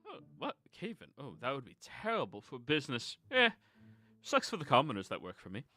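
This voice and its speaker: A pompous, paranoid fat nobleman from a tabletop game, put on by a man. He shouts accusations and sneers at the commoners who work for him, in a bright, tense voice that swoops up high. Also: wildly swooping pitch, fairly quick, no room sound, exaggerated voice. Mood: dismissive.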